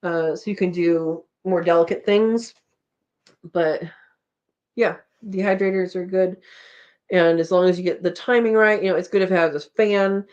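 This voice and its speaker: A woman's voice: lowish voice, steady tone, normal speed, a little mellow, lo-fi sound. A woman hosting a homesteading live chat, casually reading viewer comments aloud and rambling with frequent laughs.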